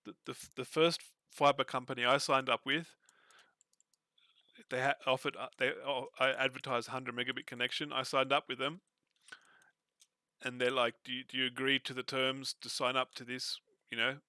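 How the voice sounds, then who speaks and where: A man's voice: medium pitch, level tone, moderate pace, bright, forceful tone, clean tone, no echo. A middle-aged man streaming, chatting casually and animatedly, swearing and restarting his words. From Australia. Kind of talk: casual chat.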